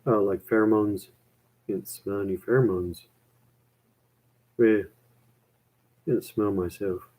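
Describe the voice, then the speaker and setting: A man's voice: fairly low pitch, fairly even intonation, slow pace, pauses often, warm tone, low-quality recording. Young guy streaming, rambly casual chat, says dude and man a lot, laughs at himself. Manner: rambling, self-mocking, full of "man" and "dude".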